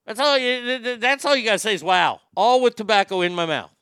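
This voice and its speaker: A man's voice: sits high, fast, sharp tone, smooth, dry recording. A man playing a crude, brash middle-aged radio shock-jock who swears freely and rambles with tobacco in his mouth. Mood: rambling. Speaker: radio host. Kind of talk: comedic radio show monologue.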